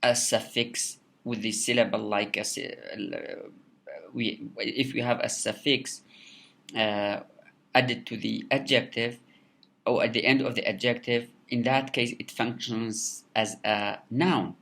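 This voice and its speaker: Halting, gravelly male lecturer. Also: medium pitch, fairly even intonation, fairly bright tone. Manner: halting, many fillers and repeated words. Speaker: English lecturer. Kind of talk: recorded lecture.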